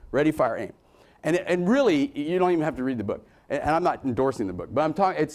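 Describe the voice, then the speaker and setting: A man giving a motivational conference talk to a room, swinging between loud emphasis and low asides. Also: big pitch swings, fast talker. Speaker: conference speaker.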